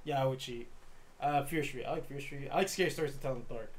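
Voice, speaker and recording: A man's voice: mid-range voice, fast talker, a little hiss or hum. A young man in casual chat, laid-back and mostly giving short replies.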